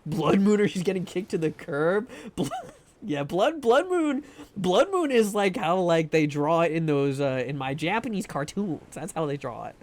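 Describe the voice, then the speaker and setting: A man's voice: a little high, big pitch swings, moderate pace, a little hiss or hum. A man streaming a game live from home at a desk mic, chatting casually with viewers, joking and laughing a lot. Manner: joking, self-deprecating, laughs often. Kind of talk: casual live-stream chat while gaming. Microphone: desk microphone.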